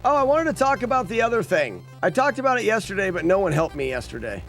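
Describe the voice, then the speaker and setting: A man's voice: sits high, big pitch swings, quick pace, fairly bright tone, faint music behind. A man streaming gameplay and chatting casually, rambling and correcting himself as he talks. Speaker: streamer and father.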